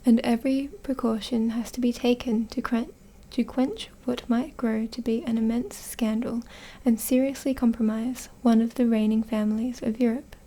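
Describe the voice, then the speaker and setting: An Australian woman whispers the lines of a stern, secretive nobleman in this whispered role-play. The voice stays soft, mellow and rather high. No accent is put on; the lines are read evenly. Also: fairly even intonation, normal speed, hardly any pauses. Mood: grave. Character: stern foreign male nobleman in a mask.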